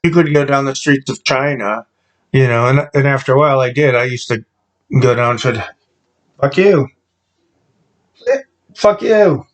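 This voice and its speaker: A man delivering a deadpan comedic monologue, halting and full of ums and restarts. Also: medium pitch, low-quality recording.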